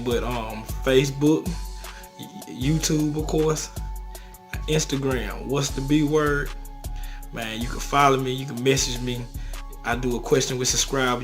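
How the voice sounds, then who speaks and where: A man's voice: medium pitch, fairly bright tone. A man with a Southern country accent giving casual fan commentary on his vlog, laid-back and dropping "man" into nearly every phrase. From southern United States. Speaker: sports fan vlogger.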